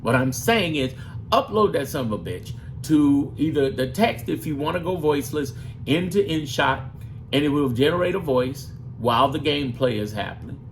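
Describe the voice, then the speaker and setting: A man's voice: a little high, expressive, moderate pace, soft background music. A man giving a brash, profane how-to talk as a gaming YouTuber, often slipping into put-on voices. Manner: fond of breaking into put-on voices. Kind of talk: casual how-to talk to camera.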